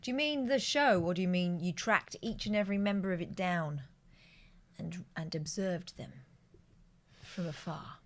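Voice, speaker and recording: A woman's voice: fairly low pitch, moderate pace. Woman co-hosting a casual stream, teasing. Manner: teasing, reads out viewer comments. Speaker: co-host. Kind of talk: casual live-stream chat.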